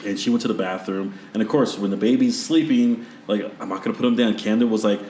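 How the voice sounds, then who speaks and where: Man, low voice, podcast host, animated storyteller, echoey roomy sound. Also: quick pace, a little hiss or hum. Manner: animated storyteller acting out quotes. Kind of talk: casual conversation.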